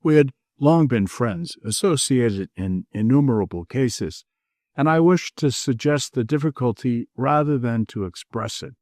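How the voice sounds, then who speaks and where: A man narrating a mystery audiobook in the first person with measured, steady storytelling. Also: medium pitch, no room sound, studio quality.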